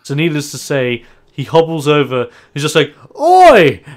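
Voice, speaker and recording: A man's voice: on the high side, moderate pace. A man, running a tabletop role-playing game as game master, narrating the action with lots of energy and frequent laughter. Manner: animated narration, laughs often.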